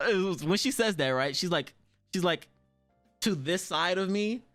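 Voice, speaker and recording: A young man streaming, telling a story in casual chat with lots of swearing, swinging from loud outbursts to low mutters. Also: lively intonation, moderate pace, no room sound, soft background music.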